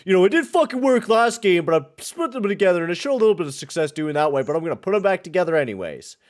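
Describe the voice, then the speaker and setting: A man putting on a mocking impression of a stubborn male hockey coach, in a loud, high, sarcastic whine. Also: sing-song, fast.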